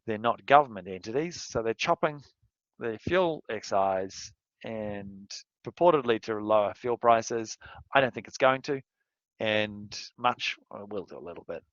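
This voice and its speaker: A man's voice: on the low side, unhurried, fairly bright tone, no room sound, muffled recording. A male university lecturer giving a recorded lesson, rambling and candid, sometimes working himself into a rant. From outside Australia. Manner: rambling, candid, gets worked up and ranting.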